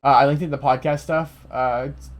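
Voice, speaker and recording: A man's voice: mid-range voice, fairly even intonation, a little fast. A young man hosting a casual podcast, rambling with lots of "like" and restarts. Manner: rambling, heavy use of "like", restarts. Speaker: podcast host.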